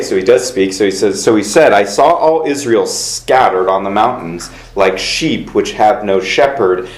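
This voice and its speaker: A man teaching a casual Bible class, talking with many fillers and reading verses aloud to his students. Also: on the low side. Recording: echoey room.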